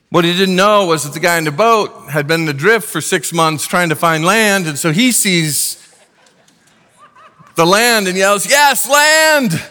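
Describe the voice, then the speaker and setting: Bright-voiced man preaching in a reverberant hall. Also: on the high side. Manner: earnest, conversational preaching with asides. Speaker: pastor. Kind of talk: sermon.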